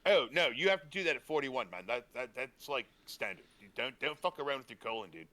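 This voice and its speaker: A man's voice: mid-range voice, lively intonation, fairly quick, sharp tone. A man co-hosting a role-played talk show in laid-back slang, ending lines with man or bro.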